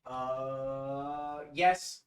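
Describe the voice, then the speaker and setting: A man's voice: mid-range voice, fairly even intonation, drawn-out words, clear, resonant tone. A man streaming a game, chatting casually and jokily, swearing freely as he rambles. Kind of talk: casual gameplay commentary.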